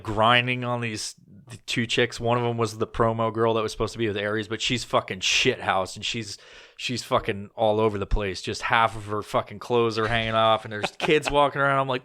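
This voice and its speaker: A man's voice: fairly low pitch, steady tone, a little fast, sharp tone, clear, resonant tone. A man hosting a podcast, telling a rambling, profanity-laced story in a loose, casual way with plenty of fillers. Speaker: podcast host.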